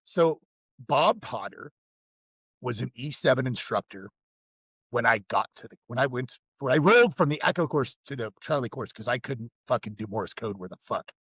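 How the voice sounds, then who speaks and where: A man's voice: mid-range voice, expressive, normal speed, fairly bright tone, breathy edge, dry recording. A man co-hosting a podcast, telling rambling, profane stories in a casual chat. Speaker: podcast co-host.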